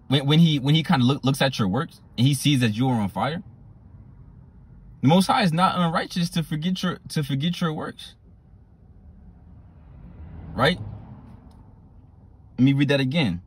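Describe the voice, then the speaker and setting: A man preaching a sermon, repeating his phrases and reading scripture verses slowly and deliberately. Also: mid-range voice, sing-song, slight background noise. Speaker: street preacher.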